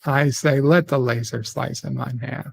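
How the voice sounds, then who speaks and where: Man, casual stream chat, deadpan, mock-sinister jokes. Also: medium pitch, normal speed, gravelly, a little hiss or hum.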